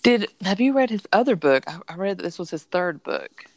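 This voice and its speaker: A woman's voice: on the low side, big pitch swings, fairly quick, dry recording. A woman from Southern Georgia chatting casually about a book, rambling and filling with "like". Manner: rambling, heavy use of "like".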